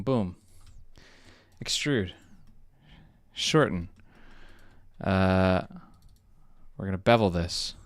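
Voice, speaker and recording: A livestreamer works through a 3D model out loud, calling out each step and cheering on their own speed for chat. The talk is drawn out and unhurried despite the hype, and the voice sits dry and close with no room around it. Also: mid-range voice, no echo. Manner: excitable, hypes up own speed, talks to chat. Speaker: indie animator streaming live. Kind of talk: livestream commentary while 3D modeling.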